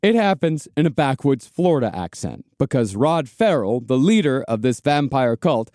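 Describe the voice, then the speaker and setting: A man's voice: mid-range voice, very animated, moderate pace, darkish tone, no echo, studio quality. A man from Texas co-hosting a comedic podcast, narrating in a joking manner. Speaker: podcast co-host. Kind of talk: comedic storytelling.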